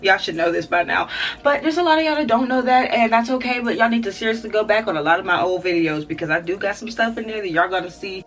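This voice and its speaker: A woman's voice: medium pitch, fast, fairly bright tone, recorded from a distance. A woman hosting a reaction video, chatting casually straight to her viewers with lots of asides.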